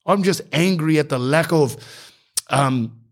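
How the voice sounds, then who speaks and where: A middle-aged man, telling a comic story in an exasperated, animated rant and calling the viewer "bro". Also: a little high, measured pace. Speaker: vlogger.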